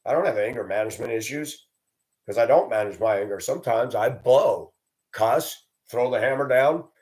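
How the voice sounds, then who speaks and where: Speaking at normal speed in a medium-pitched, slightly mellow voice, a man hosts his own video and rants. The monologue is combative and profane, and he raises his voice to mock others bluntly.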